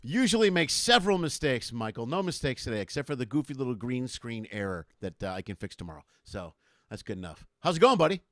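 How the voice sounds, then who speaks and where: A man's voice: mid-range voice, sing-song, fast, a bit bright, no echo, studio quality. A middle-aged man hosting an online comedy show over a video call, bantering and mocking himself. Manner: jokey, self-mocking banter.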